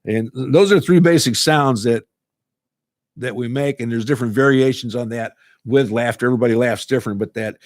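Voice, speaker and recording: A man's voice: mid-range voice, normal speed, dry recording, studio quality. A man who teaches a laughter club, talking earnestly and casually and repeating words as he goes. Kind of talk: casual talk to camera.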